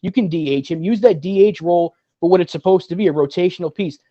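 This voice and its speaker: A man co-hosting a podcast in casual sports chat, arguing in a frustrated rapid-fire way. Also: high voice, dry recording. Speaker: podcast co-host. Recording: dull, dry lo-fi sound.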